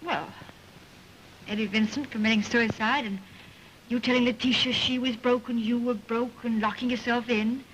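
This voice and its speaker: An actress playing an anxious, gently chiding society wife in 1930s film style. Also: female voice, fairly high pitch, steady tone, a little hiss or hum, close to an everyday voice, rough recording. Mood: worried. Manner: brisk, worried, gently chiding.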